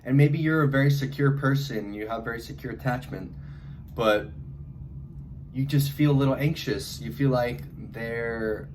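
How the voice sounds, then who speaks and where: A man's voice: medium pitch, normal speed, darkish tone, a little hiss or hum. A young man with a congested head cold, talking casually to camera and rambling with lots of fillers and restarts. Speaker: vlogger. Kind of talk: casual advice monologue.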